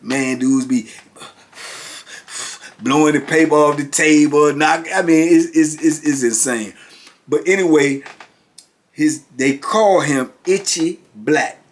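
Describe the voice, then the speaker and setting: A man's voice: fairly high pitch, slow. A man in his fifties, a former prisoner, telling stories in a casual, rambling way full of "you know". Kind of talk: casual storytelling.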